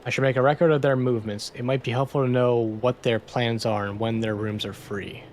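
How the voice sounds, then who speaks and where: A man playing a detective game, casually reading its text aloud and thinking out loud between lines. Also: mid-range voice, steady tone, a little fast, slight background noise. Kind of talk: let's-play narration.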